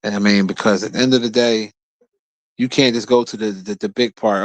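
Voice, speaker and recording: A man's voice: mid-range voice, quick pace, no echo. Blunt, profane man in a dry room. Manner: blunt, profane, repeats words when starting sentences. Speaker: streamer host. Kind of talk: casual live-stream commentary.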